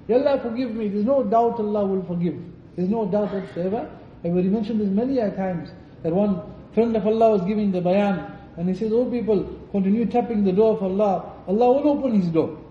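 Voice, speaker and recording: Fervent high-voiced male preacher, echoey hall. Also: a little fast, slight background noise. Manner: fervent, pleading, repetitive invocations. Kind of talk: Ramadan night sermon and supplication. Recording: distant echoey lo-fi mosque recording.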